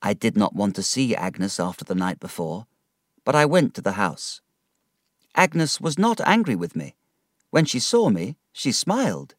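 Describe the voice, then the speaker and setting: Slow, measured male storybook narrator. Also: on the low side, no room sound, clean studio sound. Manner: slow, measured, expressive reading. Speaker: audiobook narrator.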